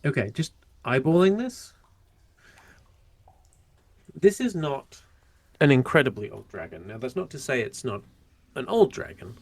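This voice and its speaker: A man narrating a tabletop game as game master, in a relaxed way with many fillers and restarts. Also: mid-range voice, dry recording.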